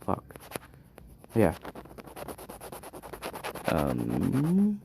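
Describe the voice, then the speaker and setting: A man's voice: low voice, wildly swooping pitch, extremely slow, creaky, noisy background. A man improvising a fan story aloud, rambling and hesitant as he thinks it up.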